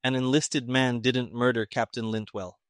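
A man voicing a gruff, sarcastic army colonel who speaks emphatically, in an audiobook reading. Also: medium pitch, fairly even intonation, moderate pace, no echo, clean studio sound, natural voice. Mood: emphatic.

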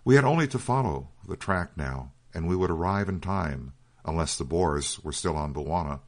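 A man narrating a written story in a measured, steady storytelling reading. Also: low voice. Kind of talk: scripted audiobook narration.

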